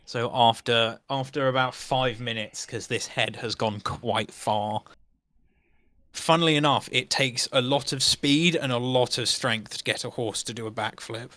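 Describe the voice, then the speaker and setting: A man narrating as game master of a tabletop game, unhurried and often searching for words. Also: medium pitch, fairly even intonation, bright, forceful tone, dry recording.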